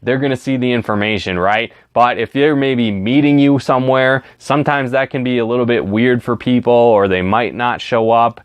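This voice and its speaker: A man's voice: medium pitch, steady tone, normal speed, hardly any pauses, clean tone, no echo. A man giving a casual sales training talk, often checking in with "right?" and acting out sample invitations. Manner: chatty, frequent "right?" tags, acts out sample invitations. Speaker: network marketing trainer.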